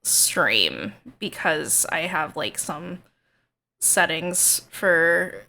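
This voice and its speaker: A woman's voice: sits low, big pitch swings, drawn-out words, creaky, sharp tone. A woman streamer in casual, rambling chat, hesitant and self-deprecating.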